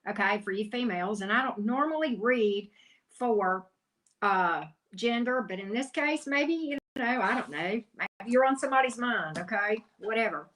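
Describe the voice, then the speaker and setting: A woman's voice: a little high, lively intonation, moderate pace, fairly bright tone. A woman hosting a live tarot reading, chatting casually, greeting viewers by name and exclaiming at the cards.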